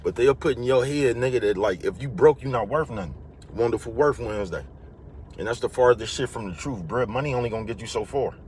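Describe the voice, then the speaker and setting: A man's voice: medium pitch, lively intonation, fast, darkish tone, a little hiss or hum. A man vlogging a casual motivational monologue, rambling and slangy, and he keeps repeating his catchphrases.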